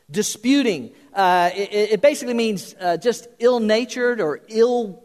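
An older man preaches in a folksy, joking way, his voice pitched fairly high. He slips in plenty of fillers and restarts. His words ring out with a long hall reverb. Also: measured pace, hardly any pauses. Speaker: pastor. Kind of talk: sermon.

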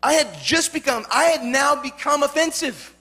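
A man preaching a sermon, telling a personal story in an animated way, repeating words and calling for amens. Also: extremely high pitch, moderate pace. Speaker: pastor.

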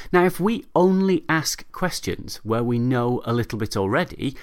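A man with a British English accent hosting a medical podcast in a measured, explanatory way. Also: medium pitch. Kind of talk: scripted podcast narration.

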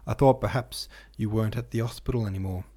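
A man reading aloud and voicing a frightened, ill young woman who speaks hoarsely and pleads. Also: on the low side, fairly even intonation, fast, mellow. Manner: clingy, fearful pleading.

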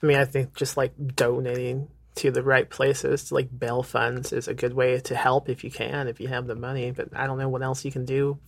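A man's voice: mid-range voice, level tone, fairly quick, vocal fry, few pauses, no room sound. Man, guest author, wry, laid-back, casual chat, dry sound.

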